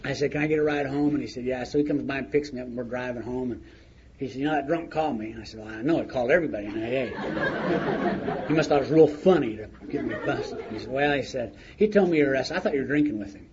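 Speaking rapid-fire in a medium-pitched voice, a middle-aged man gives a plain-spoken share of his recovery story at a recovery meeting, with chuckles scattered throughout. The recording is muffled and lo-fi, with faint noise.

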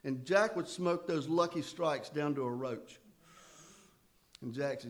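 A man's voice: on the high side, a little slow, pauses often. A man sharing his recovery story at a meeting, in a conversational way with self-deprecating humor.

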